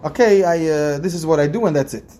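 A man's voice: on the high side, fairly quick, warm tone. A man, a rabbi, giving an informal religious lesson in a conversational way, repeating phrases and asking his listeners questions. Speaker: rabbi teaching a class.

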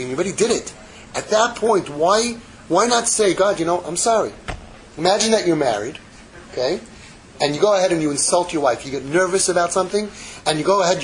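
A man giving a casual, animated Torah class, acting out little dialogues and dropping in Hebrew phrases. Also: a little high, a little hiss or hum, rough recording. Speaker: Torah teacher.

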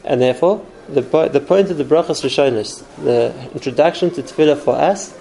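A man's voice: on the high side, a little fast, vocal fry, dark tone, slight background noise, poor audio. A man giving an earnest spoken Torah class, explaining step by step with numbered points. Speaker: Torah teacher.

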